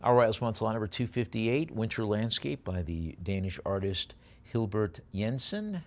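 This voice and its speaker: Middle-aged guy auctioneer, fast bid calling, lowish voice, kinda rambly on the descriptions. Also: expressive. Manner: rapid bid calling mixed with loose, hesitant lot descriptions.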